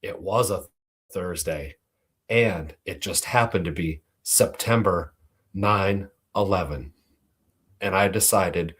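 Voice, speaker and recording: Brief: low-voiced host, husky, relaxed and swearing as he tells his story. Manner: laid-back, profane. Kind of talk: casual storytelling.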